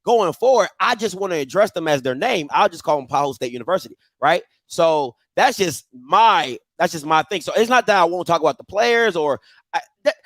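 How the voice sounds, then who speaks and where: A man's voice: high-pitched, lively intonation, moderate pace, fairly bright tone, no echo. A man hosting a live call-in sports talk show, laid-back and teasing.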